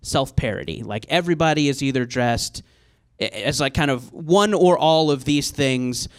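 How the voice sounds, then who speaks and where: A man's voice: mid-range voice, moderate pace. A man in his thirties telling a comic story on stage at a live show, rambling and self-mocking with many fillers. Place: live show venue with audience.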